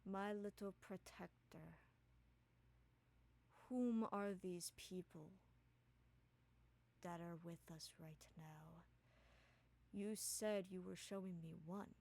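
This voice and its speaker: A woman voicing a tall, looming woman who speaks softly but with authority, in a hushed, measured way during a tabletop game. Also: lowish voice, fairly even intonation. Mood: regal, probing.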